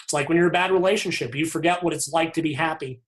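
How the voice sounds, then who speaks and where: Frank, reflective man with a slightly high voice. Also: very fast, fairly bright tone. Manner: frank, reflective, talks in loose restarting sentences. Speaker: podcast guest, fitness author. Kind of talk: candid conversational interview.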